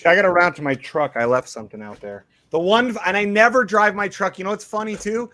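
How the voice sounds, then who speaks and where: A man in an easygoing group chat who swears a lot. He tells stories lively, jumping up in pitch and acting out every quote. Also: a little fast. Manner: profane, animated, acts out quotes. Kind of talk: casual chat, storytelling.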